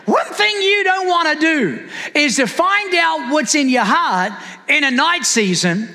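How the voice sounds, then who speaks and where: A man's voice: extremely high pitch, lively intonation, measured pace, sharp tone, long reverb tail. A man preaching a sermon as a pastor, calling out to the congregation with rising fervor.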